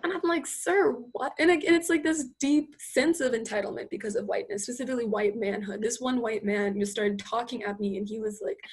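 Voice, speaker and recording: Husky high-voiced woman telling stories. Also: fast, hardly any pauses. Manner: animated storytelling, many "like"s, acts out quotes. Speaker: guest. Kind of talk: casual chat.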